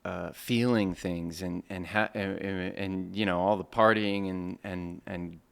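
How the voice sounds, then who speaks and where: This is a man hosting a casual podcast interview. His voice sits very low with a gravelly edge, and he keeps his guest going with quick, encouraging affirmations and relaxed follow-up questions. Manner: encouraging, many short affirmations. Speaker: podcast host.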